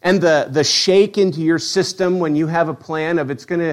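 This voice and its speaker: A man preaching a sermon, reading scripture with slow drama between conversational asides. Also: fairly high pitch, steady tone. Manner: reads scripture slowly and dramatically, then talks conversationally. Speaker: pastor.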